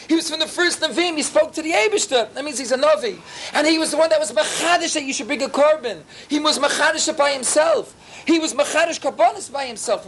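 A man giving a sermon as a rabbi to his students, animated and acting out biblical dialogue while peppering his English with Yiddish and Hebrew terms. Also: very high-pitched, a little hiss or hum. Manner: animated, acts out biblical dialogue in character voices.

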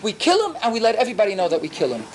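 A man teaching a Torah class, telling stories with animated swings in pitch and many rhetorical questions. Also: racing, noisy background.

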